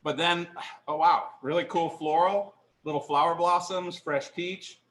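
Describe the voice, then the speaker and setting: A man's voice: on the high side, steady tone, a little slow, fairly bright tone, echoey room. A middle-aged man leading a live online wine tasting class, chatty and enthusiastic, poking fun at himself. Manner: chatty, enthusiastic, self-deprecating. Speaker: wine instructor. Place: kitchen counter, indoors.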